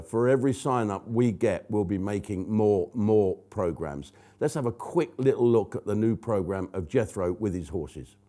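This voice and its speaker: A man hosting his own online comedy show, ranting bluntly and swearing freely. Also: fairly low pitch. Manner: blunt, profane, animated. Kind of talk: profane comic rant to camera.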